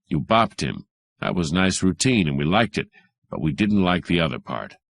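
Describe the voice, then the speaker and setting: A man voicing a big, gruff police detective who bullies in tough slang, with a low voice. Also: very animated, normal speed, no echo, studio quality, exaggerated voice. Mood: menacing.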